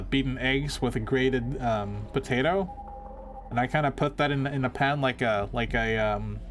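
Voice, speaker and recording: A man casually chatting and rambling while streaming a video game, often restarting his sentences. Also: mid-range voice. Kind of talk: casual live game commentary.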